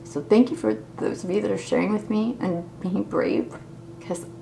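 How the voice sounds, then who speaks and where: A woman's voice: medium pitch, fairly even intonation, moderate pace, vocal fry, warm tone, slight background noise, poor audio. A woman in her forties talking in an unscripted personal video diary, candid, emotional and rambling as she opens up. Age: 40s. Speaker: vlogger.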